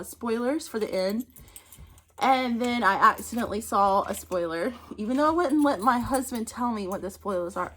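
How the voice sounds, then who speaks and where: A woman, chatting casually in a book vlog at home, talking into a phone camera, laughing often. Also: mid-range voice. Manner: chatty, laughs often, distracted by her dog. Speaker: book vlogger. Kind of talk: casual monthly favorites vlog.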